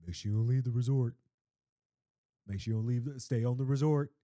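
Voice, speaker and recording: A man putting on the voice of his worried, protective father, giving a quick insistent warning. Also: mid-range voice, warm tone, no echo, voice pushed down, close to an everyday voice.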